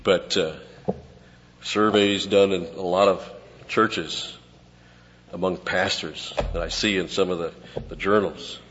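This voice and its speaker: A man preaching an expository sermon, teaching conversationally and dropping to quiet asides between points. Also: deep voice, steady tone, slow, long pauses. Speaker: pastor. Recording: lo-fi with long hall reverb.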